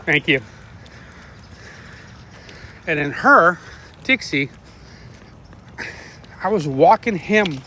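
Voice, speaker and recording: A middle-aged man chatting casually while walking his dogs outdoors, rambling, swearing freely and barking quick commands at the dogs. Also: high-pitched, sharp tone, slight background noise. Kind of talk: casual live-stream chat. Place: outdoors on a neighborhood walk.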